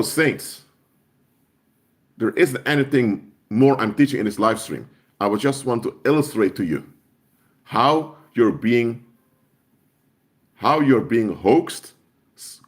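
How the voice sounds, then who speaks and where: A man's voice: medium pitch, lively intonation, slow, long pauses. A man preaching on a live stream in an impassioned way, hammering home points by repeating phrases. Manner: emphatic, repeats key phrases for force.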